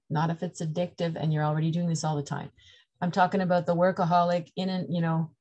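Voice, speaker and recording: A woman's voice: on the low side, a little mellow. Chatty woman giving a tarot reading. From Canada. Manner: chatty, laughs often, playful asides. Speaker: tarot reader. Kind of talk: casual tarot reading to camera.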